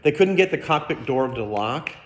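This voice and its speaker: A man's voice: mid-range voice, animated, normal speed. Middle-aged man, pastor, storytelling sermon with acted quotes, echoey sanctuary. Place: church sanctuary.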